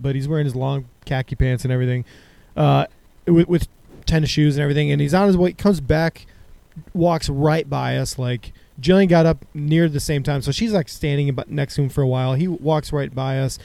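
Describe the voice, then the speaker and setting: A man chatting eagerly on a podcast. His voice is slightly high and gravelly with fry, and it is recorded dry and up close. He tells his story in quick, excited bursts. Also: dry recording. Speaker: podcast co-host. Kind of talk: casual chat.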